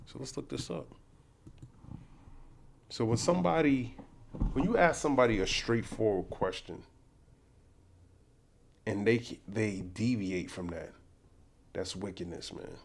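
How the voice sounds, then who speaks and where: A man hosting a livestream who mixes Bible teaching with reactions to news clips. He talks in a preachy way, repeats himself and turns loud and indignant. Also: lowish voice, a little slow, vocal fry, pauses often, slight background noise. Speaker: livestream host.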